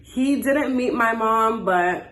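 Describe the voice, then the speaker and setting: A young woman in her twenties chats through a dramatic dating story, acting out each line of dialogue. Her voice sits a little high. The room around her sounds echoey. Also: takes it slowly. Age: 20s. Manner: animated, acts out dialogue. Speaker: storytime host. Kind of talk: casual storytime chat.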